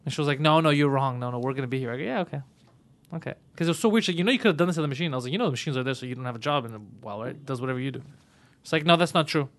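A man's voice: medium pitch, racing, fairly bright tone. A man, a podcast co-host telling a story in casual, profane chat.

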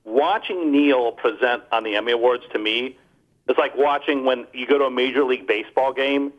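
On a casual comedy podcast, a male co-host with a medium-pitched voice tells stories briskly and animatedly, slipping into mocking impressions of people. The recording sounds muffled.

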